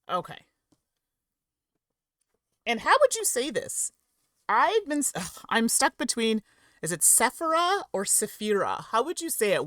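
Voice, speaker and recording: A woman's voice: on the high side, fairly bright tone, dry recording, clean studio sound. A woman hosting a live game stream, chatting with viewers, explaining rules, giggling and tripping over words at a home streaming setup. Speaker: streamer and host.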